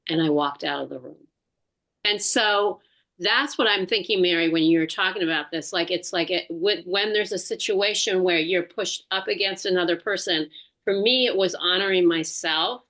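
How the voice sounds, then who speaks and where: A middle-aged woman shares a personal story with a class. Her fairly low voice has a bright, tense edge, and she speaks haltingly with many fillers. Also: poor audio. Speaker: class participant.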